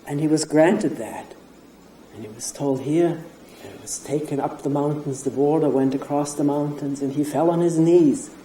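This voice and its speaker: Older woman, retreat teacher, low mellow voice, unhurried and reflective, roomy hall sound. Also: a little hiss or hum. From Germany. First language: German. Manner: slow, thoughtful, with pauses and soft laughs.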